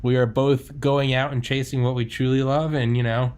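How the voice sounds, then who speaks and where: A man's voice: medium pitch, little pitch movement, moderate pace, darkish tone, smooth. A man hosting a podcast, from New England, chatting casually and rambling with jokes and swearing. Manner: rambling, joking, swears freely. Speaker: podcast host. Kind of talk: casual conversational interview. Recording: faint background noise.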